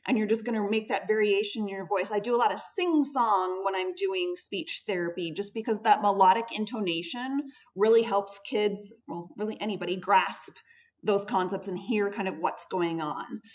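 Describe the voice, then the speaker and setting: A woman's voice: medium pitch, normal speed. A woman speech therapist giving a patient, explanatory conference presentation, stressing key words as she goes. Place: conference room. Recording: voice picked up from a distance.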